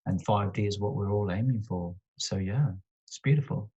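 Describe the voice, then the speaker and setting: A man with a London accent speaking as a healer guest in a casual video-call interview, calm, soothing and unhurried. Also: lowish voice, lo-fi sound. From Britain.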